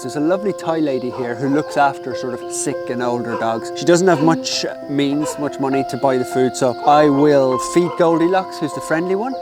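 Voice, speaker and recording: A man with a slightly raised voice chats to the camera outdoors as he makes his rounds feeding street dogs. He explains things in an easy, friendly way and breaks into high cooing when he greets the animals. Clear music plays under his voice. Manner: chatty, talks to the dogs in a high excited baby voice. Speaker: dog rescue volunteer feeding street dogs. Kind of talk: casual vlog narration to camera. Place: outdoors by a jungle road.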